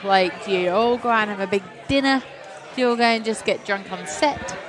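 A woman's voice: medium pitch, brisk. Woman, co-host, curious questions, crowd noise behind. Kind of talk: casual chat.

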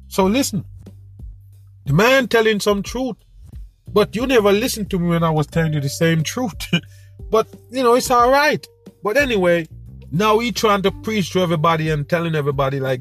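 A man hosting his own show, telling a story in an animated, preachy way with street slang. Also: high-pitched, a little fast, faint music behind. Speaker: podcast host. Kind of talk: casual monologue.

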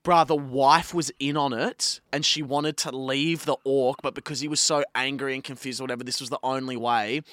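A young man co-hosting a podcast, chatting casually, swearing and telling an animated story. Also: medium pitch, no room sound, studio quality. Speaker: podcast co-host. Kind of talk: casual chat.

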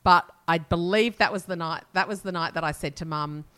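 A woman's voice: fairly low pitch, fairly quick, fairly bright tone, clean tone. An Australian woman in her forties, co-hosting a podcast, telling rambling stories in casual chat and laughing often. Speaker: podcast co-host.

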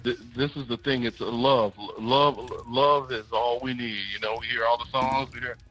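A man's voice: mid-range voice, fairly even intonation, moderate pace, fairly bright tone, faint music behind, rough recording. A man calling in to a talk show, chatting casually and rambling with laughs between phrases. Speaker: caller. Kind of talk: casual call-in chat.

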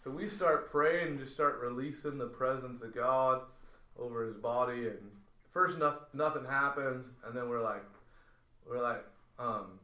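Speaking unhurriedly in a medium pitch, a male podcast guest spins a casual story, animatedly performing what people said. The sound is roomy.

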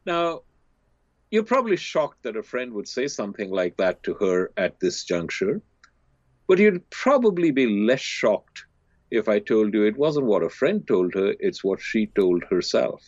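A man in a podcast interview telling a teaching story, acting out the people in it with big rises in pitch. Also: normal speed, no echo. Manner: animated storyteller, voices characters with big pitch swings. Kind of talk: storytelling in conversation. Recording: dry, slightly dull lo-fi sound.

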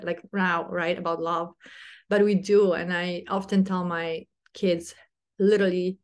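Woman in her thirties, slightly low voice, casual reflective talk, hesitant with fillers. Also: level tone, unhurried. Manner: hesitant, many fillers and restarts; earnest and heartfelt. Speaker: podcast host, mother.

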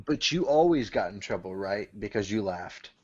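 A man co-hosting a comedy podcast, chatting casually and telling animated stories with plenty of swearing. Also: on the low side, normal speed, no echo, highs cut off. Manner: swearing, animated storytelling with voiced quotes. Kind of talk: casual chat.

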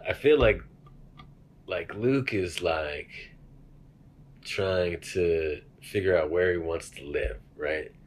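Husky man, swearing and rambling. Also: sits low. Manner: rambling, swears a lot, laughs often. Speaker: podcast host. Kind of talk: casual chat.

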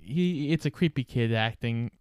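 A man co-hosts a podcast and drops relaxed, wry comments about a movie. His voice is smooth and clear at a middle pitch. It sounds dry and close. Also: normal speed, no room sound. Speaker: podcast co-host. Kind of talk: casual movie chat.

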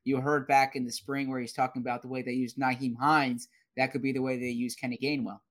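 A man's voice: medium pitch, flat delivery, a little fast. A man on a sports podcast panel, talking football casually with some hesitant restarts.

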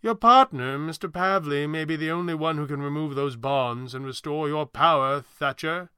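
A man's voice: on the high side, moderate pace, bright, forceful tone, clear, resonant tone, dry recording. A man voicing a composed male sorcerer who answers threats with dry, amused mockery. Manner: dry, amused, lightly mocking.

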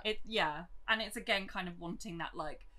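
A young woman with a bright, sharp-edged voice talks casually as a podcast co-host. She is chatty and agreeable and fills her sentences with easy fillers. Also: lowish voice, moderate pace. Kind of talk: casual book discussion.

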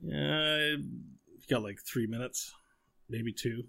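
A man's voice: mid-range voice, slow pace, creaky, sharp tone. A man narrating as game master, describing scenes with fillers and restarts.

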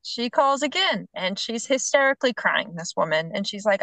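A middle-aged woman, a horse trainer on a podcast, telling a story in a lively way and acting out what people said. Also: medium pitch, normal speed, creaky, few pauses, no room sound, rough recording. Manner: animated storyteller, acts out the other people's lines, laughs between phrases. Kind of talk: casual storytelling chat.

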